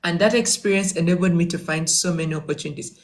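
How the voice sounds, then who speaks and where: A woman's voice: fairly low pitch, fast talker. A woman from Uganda, a virtual assistant giving career advice to viewers in a casual motivational talk. She talks emphatically, repeats her key phrases and acts out little dialogues.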